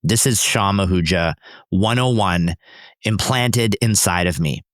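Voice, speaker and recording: A man's voice: sits low, unhurried, dry recording, clean studio sound. A man, a company founder, telling personal stories in an interview in an intense, emphatic, driven way. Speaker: startup founder and CEO, podcast guest.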